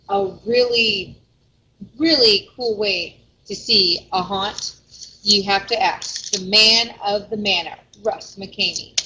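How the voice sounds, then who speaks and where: A woman co-hosting a casual podcast from a restaurant, praising the host with enthusiasm. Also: mid-range voice. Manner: enthusiastic, promotional. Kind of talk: casual chat. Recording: dull lo-fi with faint noise.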